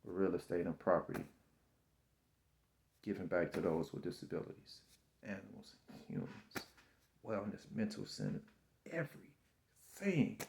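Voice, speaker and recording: A man in his fifties giving a slow, repetitive, preachy spiritual monologue about self-belief, often calling the listener baby. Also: mid-range voice, gravelly, a little mellow, highs cut off.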